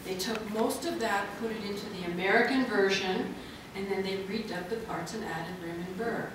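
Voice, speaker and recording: A woman's voice: mid-range voice, moderate pace. A woman moderating a convention panel, asking long enthusiastic questions. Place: large convention hall. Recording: echoey convention hall, noisy, from far off.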